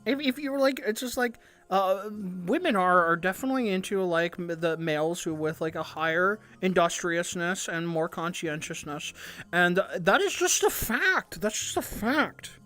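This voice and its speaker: A woman doing a mocking impression of a pompous male lecturer, with a croaky puppet-like voice and rambling, self-important speech. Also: lowish voice, lively intonation, moderate pace, fairly bright tone, soft background music.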